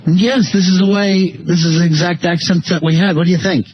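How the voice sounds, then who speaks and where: Male talk radio host, high voice, dry sarcastic banter with callers; muffled broadcast sound. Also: steady tone. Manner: sarcastic, quick teasing questions to callers. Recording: slightly dull radio broadcast with faint hiss.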